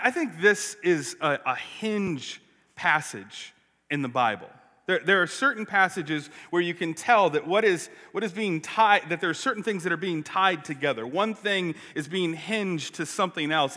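A man preaching a sermon, telling a story in an animated way with frequent restarts. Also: fairly high pitch. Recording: long hall reverb.

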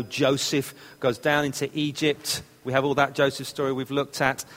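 A man's voice: mid-range voice, fairly bright tone, big-room sound. A man preaching a sermon, explaining a text step by step and repeating phrases for emphasis.

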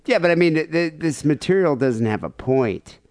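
A man's voice: on the high side, lively intonation, moderate pace, a little mellow, no room sound. A man hosting a comedy podcast, chatting casually, laughing often and swearing. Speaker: podcast host.

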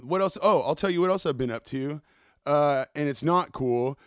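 A man's voice: a little high, moderate pace, smooth, no echo. A man hosting a podcast, telling rambling stories in a casual, profane monologue into a close mic. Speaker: podcast host.

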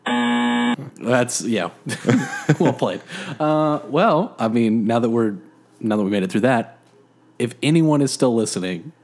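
A man's voice: medium pitch, expressive, slow pace, a little mellow. A man co-hosting a casual podcast from his living room, joking about himself and rambling with lots of fillers. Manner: self-deprecating, jokey, rambling with many fillers. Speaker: podcast co-host.

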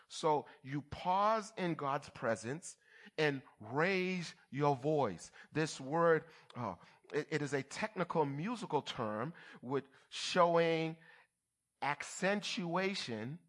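A man's voice: a little high, fairly bright tone. A man preaching a sermon as pastor, checking in with the congregation and teasing with playful asides. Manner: call-and-response, checks on the congregation.

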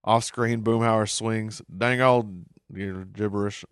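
A man's voice: fairly low pitch, fairly even intonation, measured pace, clear, resonant tone, no echo, studio quality. Chuckling man recapping a cartoon. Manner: chuckles often, reads out captions. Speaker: show recap host. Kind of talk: casual episode recap commentary.

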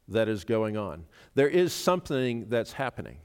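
A man preaching a sermon, speaking earnestly and rising to sudden loud emphasis when he quotes. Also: fairly low pitch, sing-song, moderate pace, clean tone. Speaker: pastor. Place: church sanctuary. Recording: reverberant church hall.

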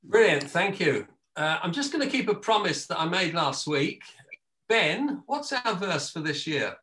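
A man pastor preaching a sermon over a video call, emphatic and slowing down on key phrases. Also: sits high, very animated, pushed and bright, poor audio.

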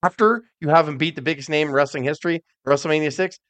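A man's voice: fairly high pitch, fast, fairly bright tone, no room sound. A man co-hosting a wrestling podcast, ranting in casual, profane chat. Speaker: podcast co-host.

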